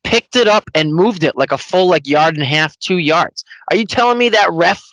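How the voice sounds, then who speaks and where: A man with a fairly high voice launches into a heated rant, stacking complaint on complaint and swearing as he goes. The sound is dry and close, with no room around it. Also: animated, normal speed, a bit bright, no room sound, low-quality recording. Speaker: podcast co-host. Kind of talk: casual sports rant.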